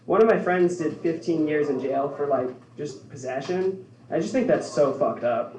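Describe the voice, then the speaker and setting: A young man doing a stand-up set in a deadpan way, laughing at his own jokes. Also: a little high, moderate pace, a crowd in the background. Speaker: stand-up comedian. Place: bar social club stage, heard from afar. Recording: echoey club from far off.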